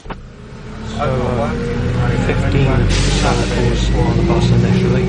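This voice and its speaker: A man with a medium-pitched, level voice speaks slowly while recording a rambling video diary of his day outdoors in town, at streets, stations and bus stops. He's agitated, swears heavily and has bursts of anger, with street noise and passing vehicles in the background.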